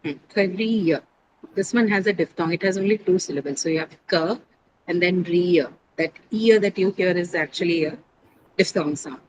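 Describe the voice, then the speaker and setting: A woman teacher leading an English pronunciation lesson, patiently repeating each word slowly for her students. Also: on the low side, darkish tone, slight background noise, low-quality recording. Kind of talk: classroom lesson on syllables and stress.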